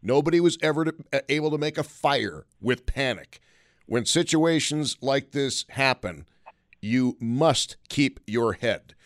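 A man's voice: mid-range voice, animated, a little slow, no room sound. Man, talk radio host, blunt, wry, dry close studio mic. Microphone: studio microphone.

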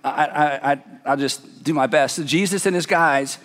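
A man's voice: on the high side, moderate pace, fairly bright tone. A man pastor preaching a sermon in a conversational, storytelling way, with emphatic asides. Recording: long hall reverb.

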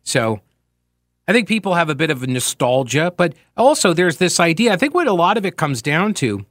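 A man hosting political talk radio in a chatty, opinionated way, wandering through his points and reading listener emails aloud. His voice sits a bit high for a man. The studio sound is close and dry. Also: very animated, brisk, fairly bright tone, no room sound. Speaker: radio talk show host.

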